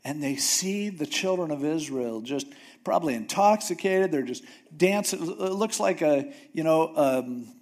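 A man preaching a sermon, retelling a Bible story in a casual, animated way with jokes and acted-out voices. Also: a little high, a little slow. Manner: animated storytelling, acts out characters with jokey asides. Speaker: pastor.

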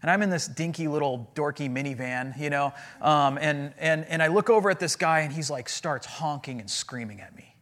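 A man preaching a sermon as a pastor, in animated, conversational storytelling. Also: on the high side, fairly quick, hardly any pauses.

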